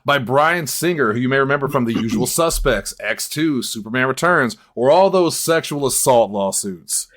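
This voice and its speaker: A man hosting a casual comedic movie-review podcast, joking and energetic and laughing often. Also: mid-range voice, moderate pace, hardly any pauses. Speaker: podcast host.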